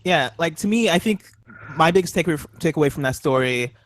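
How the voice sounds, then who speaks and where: A man's voice: a little high, animated, fast. A man hosting a casual group podcast chat, talking in rambling, easygoing sentences. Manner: rambling, laughs easily. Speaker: podcast host.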